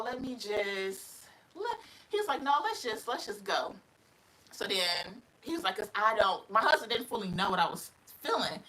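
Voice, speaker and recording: A woman's voice: medium pitch, pushed and bright. A young woman, casually telling a story on a livestream, laughing often and acting out other people's voices.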